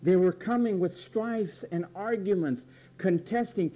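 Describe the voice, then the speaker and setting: A man's voice: sits high, measured pace. A man preaching a sermon, emphatic and repetitive, pressing word meanings with rhetorical questions. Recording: dull lo-fi recording.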